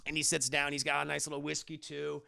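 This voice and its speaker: A man's voice: a little high, monotone, quick pace, creaky, bright, forceful tone, dry recording, studio quality. A man reviewing a film live for his chat, retelling scenes in a casual, profane way.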